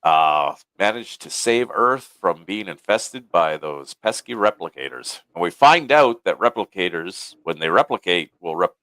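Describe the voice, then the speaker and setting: A man's voice: deep voice, lively intonation, unhurried, few pauses, fairly bright tone, no echo. A man chatting as a guest on a podcast, easygoing and a bit hesitant. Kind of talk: casual chat.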